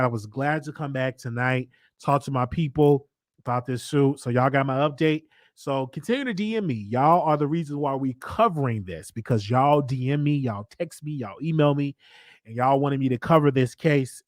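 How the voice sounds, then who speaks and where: A man's voice: a little high, dry recording, clean studio sound. Chatty Southern man hosting a call-in show. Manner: chatty, repetitive, laughs often. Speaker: talk show host. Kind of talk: casual live call-in commentary.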